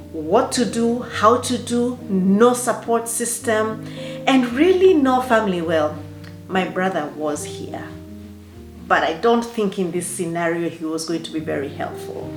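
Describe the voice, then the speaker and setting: A woman, a life coach telling her personal story in an expressive way, with dramatic exclamations. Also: medium pitch. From Africa. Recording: roomy echo with faint background music.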